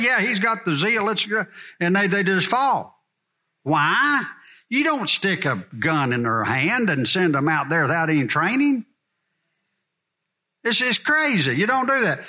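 A man's voice: sits high, pushed and bright. A middle-aged man teaching a church congregation in a blunt, folksy sermon style. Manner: folksy and blunt, drawling asides.

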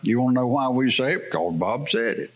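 A pastor with a medium-pitched, expressive voice preaches fairly quickly in church. He spins folksy stories in a farmer's plain talk, chuckling often as he goes.

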